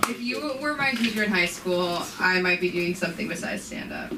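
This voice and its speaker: A woman's voice: medium pitch, animated, brisk, hardly any pauses. A woman hosting an open mic comedy night, bantering and teasing comics as she introduces them. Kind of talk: emceeing a comedy show. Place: comedy club stage. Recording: echoey room, distant mic, noise.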